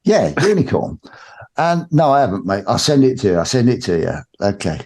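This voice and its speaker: A man's voice: fairly low pitch, sing-song, moderate pace, darkish tone, husky. An older man from England, chatting casually with friends and laughing a lot as he hosts the show. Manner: chatty, laughs a lot, acts out phone calls. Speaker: channel host. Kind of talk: casual chat among friends.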